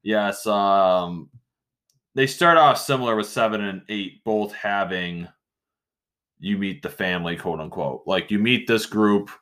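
A man co-hosting a casual chat, rambling and animated, often interrupting himself. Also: lowish voice, a little slow. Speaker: podcast co-host.

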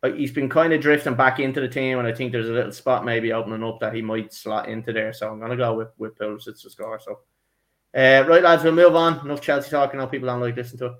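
A man with a voice hosts a loose football podcast, cracking jokes and keeping the chat moving with his mates. His pitch sits in the middle and his manner is casual and laddish. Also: little pitch movement, fast talker, fairly bright tone. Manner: laddish, jokey, addresses co-hosts as lads. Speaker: podcast host.

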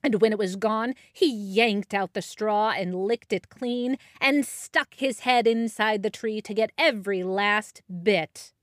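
A woman narrating a children's story in a slow, expressive manner. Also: medium pitch, no room sound, clean studio sound. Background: soft soundtrack music.

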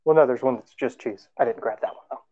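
A woman's voice: extremely low pitch, fast, dark tone. A woman chatting playfully with fellow players in a casual group conversation. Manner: playful, laughs easily. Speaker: tabletop game player. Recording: dull lo-fi recording.

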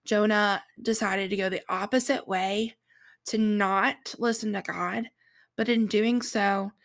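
A woman's voice: medium pitch, a bit bright, no echo. A woman reading a Bible story aloud, stopping often for chatty, informal commentary full of "like" and "um". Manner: chatty asides, fillers like "like" and "um". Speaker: Bible teacher.

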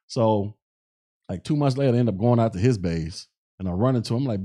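A man hosts a podcast and spins a rambling story with a lot of swings in his pitch. His voice is warm and dark. He talks loosely, with plenty of slang and profanity, and often stops and restarts mid-sentence. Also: expressive, brisk. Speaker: podcast host. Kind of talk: casual storytelling.

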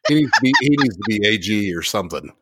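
A man in casual chat, laughing often and chiming in with quick, profane agreement. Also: fairly low pitch, lively intonation, heavy background noise.

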